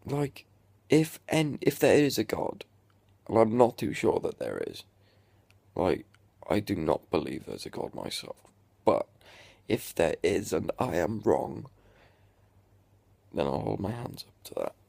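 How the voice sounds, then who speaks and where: Young guy, sarcastic exasperated ranter, gravelly and unhurried, dry close sound. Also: deep voice, wildly swooping pitch, darkish tone, dry recording. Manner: sweary, exasperated, sarcastic rant. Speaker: vlogger. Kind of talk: ranting reaction vlog.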